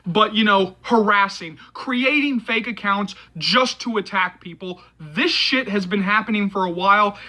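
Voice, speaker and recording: A man hosting a movie channel, hoarse from yelling, delivering a heated, repetitive and profane vlog rant to his viewers. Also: high-pitched, poor audio.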